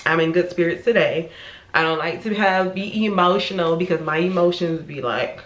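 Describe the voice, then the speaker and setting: Speaking at a moderate pace in a lowish register, a woman from Florida records a casual vlog in her home. Her talk rambles, and she frequently corrects herself partway through sentences; the room echoes and carries faint noise.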